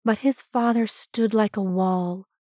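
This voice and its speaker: Female storyteller: unhurried, even narration, dry close mic. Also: mid-range voice, dry recording. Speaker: reader. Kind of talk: scripted narration.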